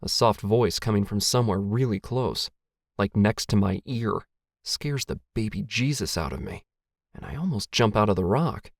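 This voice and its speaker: A man's voice: lowish voice, animated, normal speed, dry recording. A man reading a first-person short story aloud, with a dry, wry, self-mocking tone. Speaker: narrator.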